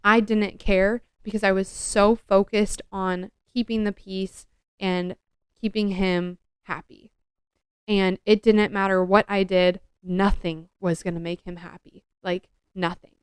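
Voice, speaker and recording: A young woman shares a personal story on her podcast in an earnest, confessional tone, with "like" scattered through her speech. Her voice is strikingly smooth and clear. The recording is dry and close, with no room sound. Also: mid-range voice, little pitch movement, unhurried, no room sound. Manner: earnest, confessional, heavy use of "like". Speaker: podcast co-host.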